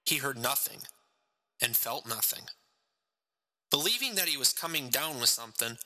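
A man reads his story aloud in a slow, measured way. His voice is gravelly, crisp and sharp-edged. A long reverb trails after every line. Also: mid-range voice. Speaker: narrator, reader of his own story. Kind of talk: storybook narration.

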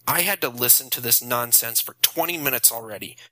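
A man's voice: mid-range voice, sharp tone, no room sound. A man voicing an earnest teenage boy who firmly stands up to a bully. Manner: firm, measured, defiant.

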